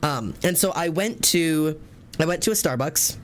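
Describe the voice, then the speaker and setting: A young man livestreaming in a casual chat, telling a story in a rambling, animated way, full of "like" fillers and laughing at himself. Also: fairly high pitch, normal speed, a little hiss or hum.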